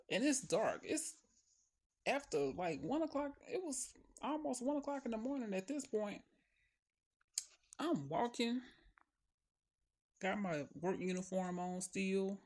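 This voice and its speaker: A woman telling a personal story in a casual, animated way, talking straight to her viewers. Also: sits low. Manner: animated, conversational, often saying "child". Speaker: storyteller vlogger.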